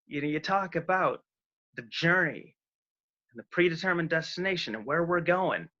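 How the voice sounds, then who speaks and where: A young man speaks as a guest in a casual chat, upbeat and affectionate. His voice is bright and a little high. It comes through a dull, lo-fi video call line. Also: expressive, moderate pace.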